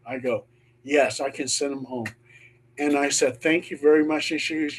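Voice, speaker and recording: A man's voice: fairly high pitch, lively intonation, moderate pace, slight background noise. A middle-aged man, a paranormal investigator, telling a ghost story on a panel show and acting out the voices he quotes.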